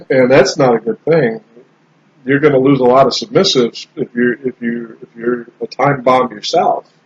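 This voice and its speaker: A man in casual podcast chat, talking in a relaxed, rambling way with frequent restarts. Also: medium pitch, moderate pace, husky. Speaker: podcast host. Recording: slightly dull lo-fi sound with faint background noise.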